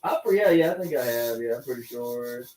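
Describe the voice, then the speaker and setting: A man's voice: mid-range voice, fairly quick. Chatty man, echoey, off-mic. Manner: animated storyteller who acts out the scenes. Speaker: tattoo artist. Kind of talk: casual chat while tattooing. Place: tattoo shop. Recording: echoey room, mic far off.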